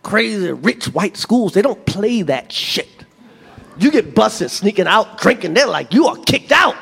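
A middle-aged man performing a profane, animated stand-up routine and acting out other people's voices. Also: high-pitched, a little slow, gravelly, husky. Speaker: stand-up comedian. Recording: long reverb of a large venue, faint ambience.

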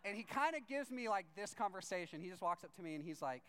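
A man tells a long, animated story from the pulpit, slipping into each person's voice as he quotes them. His voice sits high for a man and comes across smooth and clean. He talks loosely, with "like" in nearly every line. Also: quick pace. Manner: animated, acts out both sides of conversations; chatty, leans on "like" as filler. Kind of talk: storytelling sermon.

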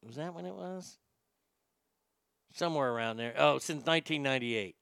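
A man's voice: mid-range voice, normal speed, creaky, fairly bright tone, clear, resonant tone, dry recording. A man hosting a talk show, ranting sarcastically with plenty of profanity. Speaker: podcast host. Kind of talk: opinionated talk show rant.

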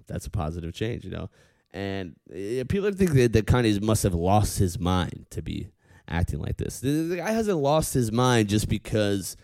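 Animated man ranting with lively pitch. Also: dry recording. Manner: animated, profane, heckles the audience with repeated "okay?". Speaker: comedian. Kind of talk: comedic rant.

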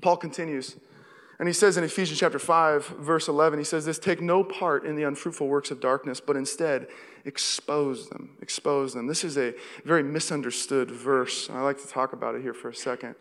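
A young male pastor delivers a sermon in a bright, fairly high voice. He tells stories with animated energy, acting out his own reactions. The sound carries the long reverb of a church hall. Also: brisk. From Seattle area, USA. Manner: storytelling, animated, acts out his own panic.

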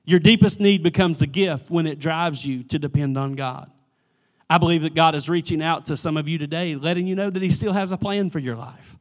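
A man preaching a church sermon, swinging from emphatic pleading to hushed, near-whispered lines and often repeating the first word of a phrase. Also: on the high side, brisk. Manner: repeats words at starts of phrases. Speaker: pastor.

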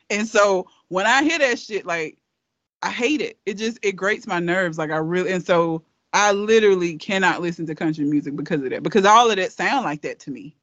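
High-voiced Alabama man, Southern drawl, blunt and laughing, dry lo-fi podcast sound. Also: normal speed, fairly bright tone, no echo. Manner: blunt, emphatic, laughs often. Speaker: podcast co-host. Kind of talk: casual chat.

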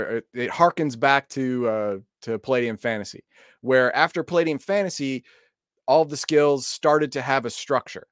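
A man's voice: mid-range voice, clean tone, no room sound, clean studio sound. A man co-hosting a live stream, explaining things casually with many restarts and fillers. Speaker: co-host.

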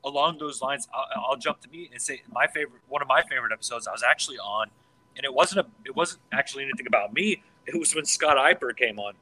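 An excitable man talking casually on a podcast, with a very bright, sharp-edged tone. He swears freely and trips over his words, restarting sentences again and again. His pitch sits in an ordinary middle range. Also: fast talker, slight background noise, poor audio. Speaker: podcast co-host.

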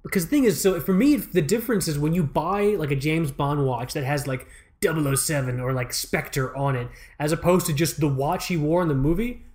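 A young man in casual chat, loose and excitable, swearing freely as he talks. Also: on the high side, fairly quick, few pauses.

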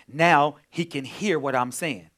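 A male pastor preaching in a conversational way, moving from quiet storytelling to loud, emphatic points. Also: a little high, unhurried. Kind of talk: sermon.

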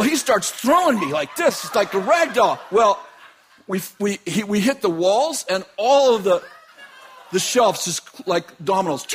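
A man telling a dramatic personal story with laughter and bursts of shouting. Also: high-pitched, slightly rough.

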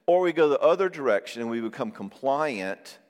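Guy preaching in a big echoey hall, mid pitch, animated, does little voices for quotes. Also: a little fast. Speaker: pastor and therapist. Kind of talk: sermon. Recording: long reverb of a hall.

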